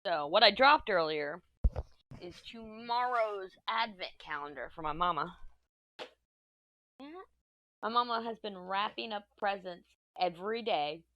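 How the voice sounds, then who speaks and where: A woman vlogging casually while she crafts, chatty and self-mocking, thinking her plans out loud. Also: medium pitch, a little slow, long pauses, no echo, lo-fi sound.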